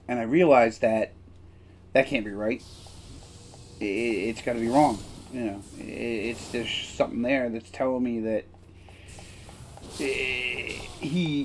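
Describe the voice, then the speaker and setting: A man's voice: on the high side, slight background noise. A man streaming who tells a personal story in a candid, rambling way. He is emphatic and blunt, and keeps checking in with "right?". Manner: candid and blunt, occasional swearing. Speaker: game streamer.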